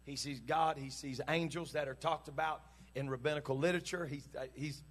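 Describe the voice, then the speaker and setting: A man preaching a sermon to his congregation in church, fervent and shouting at its peaks, then dropping into casual joking asides. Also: on the high side, fairly even intonation, a little fast. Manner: impassioned preaching that builds to shouts. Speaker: pastor.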